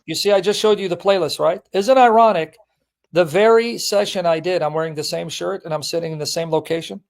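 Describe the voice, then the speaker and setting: A man's voice: sits high, brisk, creaky. A man hosting an apologetics call-in show, blunt and teasing, repeating his points with emphasis. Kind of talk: live call-in debate chat.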